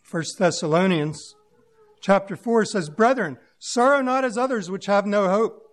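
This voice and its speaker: A man's voice: high voice, measured pace. A man preaching a sermon to his congregation, musing aloud in a plain-spoken way and using homely examples.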